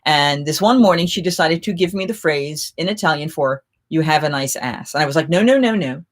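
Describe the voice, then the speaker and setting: A middle-aged woman, a festival performer, hosting a live chat and telling lively anecdotes in a casual way, often getting suddenly louder. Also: low-pitched, fairly quick. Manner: animated, with sudden jumps in loudness.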